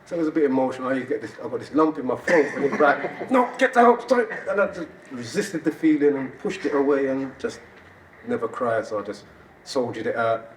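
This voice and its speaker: A man sharing a personal story on stage at an event, animated and laughing as he talks. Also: medium pitch, fairly quick. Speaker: event speaker. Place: event hall. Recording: roomy hall audio from a distance, audience noise.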